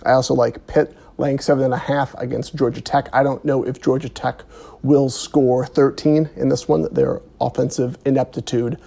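Guy on a betting podcast, rough gravelly voice, mellow, deadpan and crude. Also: medium pitch, normal speed. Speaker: podcast co-host giving betting picks. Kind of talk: casual sports betting banter.

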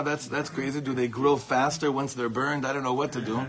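A middle-aged man, a rabbi giving an informal Torah talk to a small group, telling animated stories with laughter and mixing Hebrew and Yiddish words into his English. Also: medium pitch, a little fast. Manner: animated, rambling storytelling with frequent laughter.

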